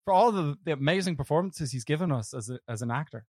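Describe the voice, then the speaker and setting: A man's voice: a little high, expressive, fast, a little mellow. An Irish man co-hosting a podcast, chatting casually and enthusiastically about films, swearing freely. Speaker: podcast co-host. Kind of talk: casual film chat.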